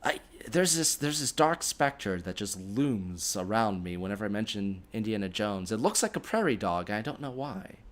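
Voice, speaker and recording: A man's voice: lowish voice, big pitch swings, moderate pace, hardly any pauses. A man co-hosting a live comedy podcast, rambling through his picks with frequent laughter and restarts. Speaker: podcast co-host. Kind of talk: casual banter.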